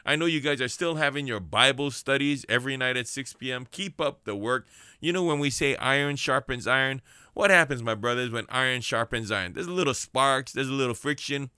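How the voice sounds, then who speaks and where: A fervent man delivers a radio sermon, his voice bright and forceful. He builds his points through rhetorical repetition, and the sound is close and dry with no room behind it. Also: mid-range voice, brisk, clear, resonant tone, no echo. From Hawaii. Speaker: radio preacher and prison minister. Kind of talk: radio sermon and shout-outs.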